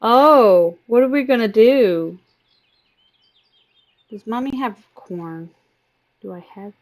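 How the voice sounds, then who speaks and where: A woman's voice: on the high side, animated, takes it slowly, darkish tone. A woman live streamer playing a game and chatting in doting baby talk to her cat. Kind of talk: casual chat while gaming.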